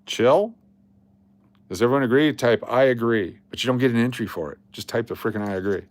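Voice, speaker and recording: A man's voice: medium pitch, fairly quick, slight background noise. A man hosting a casual livestream, talking to his chat in a blunt, joking, rambling way. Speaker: livestream host.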